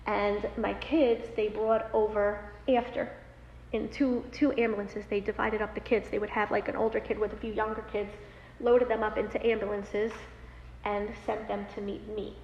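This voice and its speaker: A woman in her thirties telling a personal story, animated, with many fillers. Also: medium pitch, normal speed. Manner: animated, many fillers, acts out quoted voices. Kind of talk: personal story told aloud. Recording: roomy hall with long reverb, dull lo-fi sound, faint noise.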